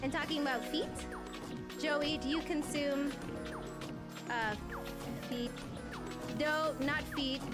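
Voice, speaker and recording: A young woman chatting casually while playing a game on a live stream, playful and scattered, reacting out loud as she goes. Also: high-pitched, steady tone, slow, long pauses. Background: loud background music.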